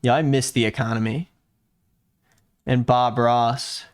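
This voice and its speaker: A man hosting a livestream in casual chat, sarcastic and often jumping into high mock-excited tones. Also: slow pace. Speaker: streamer hosting.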